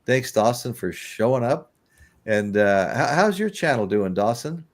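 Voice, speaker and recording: A man's voice: medium pitch, expressive, a little slow. A middle-aged man hosting a casual live-stream chat, a rambling storyteller who laughs often. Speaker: host.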